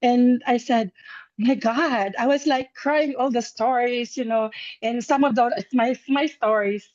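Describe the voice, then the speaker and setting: A woman speaks on a group video call, her voice a touch high and her words halting and repeated. She sounds close to tears throughout. The call audio is dull and muffled. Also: a little mellow. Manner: tearful, halting, repeats herself. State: emotional, near tears. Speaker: guest member sharing a story. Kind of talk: emotional testimonial on a group call.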